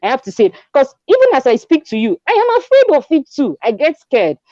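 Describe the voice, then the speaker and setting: Animated Nigerian woman telling a story. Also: sits high, brisk, no echo, lo-fi sound. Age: 20s. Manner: animated storyteller, acts out dialogue, mixes in pidgin. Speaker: guest. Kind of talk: conversational testimony.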